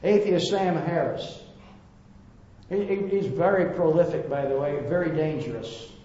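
A man's voice: a little high, measured pace, dark tone. A man preaching a Bible-teaching sermon, earnest and emphatic, with occasional stammered restarts. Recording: roomy, dull lo-fi sound.

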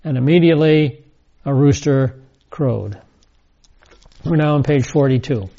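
A man's voice: mid-range voice, unhurried, gravelly, mellow. A man teaching a scripture lesson, reading verses and adding casual asides. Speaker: Bible teacher. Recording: dull lo-fi recording.

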